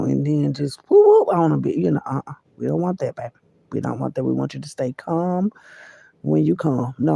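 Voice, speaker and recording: A woman vlogger talking loosely to her viewers about spiritual matters, in a gravelly, husky voice with a mellow, warm tone. She is folksy and familiar, calling listeners baby and y'all, and keeps insisting she's serious. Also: low voice, no room sound. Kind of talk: casual spiritual talk to viewers.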